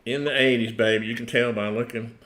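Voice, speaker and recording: A man's voice: medium pitch, fairly even intonation, fairly quick, fairly bright tone, slight background noise. A middle-aged man with a Tennessee accent hosting a casual livestream, rambling, chuckling and trailing off mid-sentence. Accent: Tennessee Southern US. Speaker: host.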